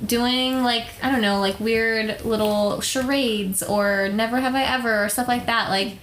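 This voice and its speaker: A woman's voice: a little high, steady tone, unhurried, a bit bright, echoey room, slight background noise. A woman co-hosting a podcast, talking casually and filling her speech with "like". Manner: chatty, peppered with "like". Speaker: podcast co-host. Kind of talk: casual chat.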